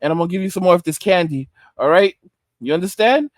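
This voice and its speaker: Man putting on a smooth street pimp, low and coaxing, in a dry, close recording. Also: expressive, fast talker, no echo. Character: smooth-talking male pimp, the streets personified.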